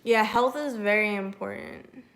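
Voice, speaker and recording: A young woman chats with her stream audience in a bright, sharp voice. She rambles casually with lots of fillers and breaks into laughs while answering viewers. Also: mid-range voice, measured pace, creaky. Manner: chatty and animated, many fillers, laughs often; reads and answers chat messages.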